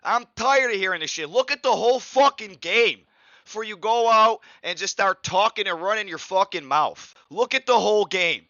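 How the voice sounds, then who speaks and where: A man's voice: high-pitched, lively intonation, moderate pace, sharp tone, dry recording. Guy going off on his sports podcast, cursing and repeating himself, kinda muffled dry audio. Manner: heated, profane, repetitive ranting. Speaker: podcast host. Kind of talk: angry sports podcast rant.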